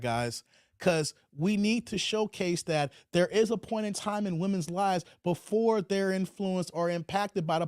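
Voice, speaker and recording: A man's voice: sits high, a little mellow, no room sound, studio quality. A man hosting a livestream commentary, preachy and repetitive, often tacking "man" onto his lines. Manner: preachy, repeats phrases, drawls "man". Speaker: commentary channel host.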